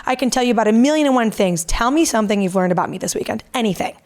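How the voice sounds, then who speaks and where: Animated storytelling woman, slightly high voice. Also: racing. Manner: animated storytelling, acting out quotes. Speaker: podcast co-host. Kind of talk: casual chat.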